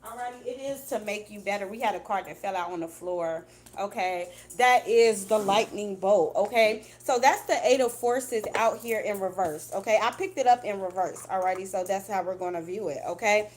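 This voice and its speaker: A woman's voice: medium pitch, normal speed. A woman doing a casual tarot reading for her viewers, chatty and blunt, swearing freely and calling them "baby.". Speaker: tarot reader.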